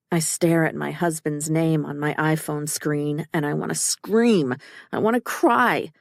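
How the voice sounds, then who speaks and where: A woman's voice: low voice, measured pace, gravelly, no echo, studio quality. A woman reading a first-person psychological thriller audiobook in a tense, urgent manner. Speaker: audiobook narrator. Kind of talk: scripted first-person narration.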